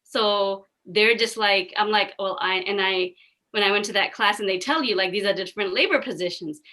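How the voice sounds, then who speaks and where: Woman cohost chatting, earnest and emphatic, bright voice. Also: medium pitch, moderate pace. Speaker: podcast co-host. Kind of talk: casual chat.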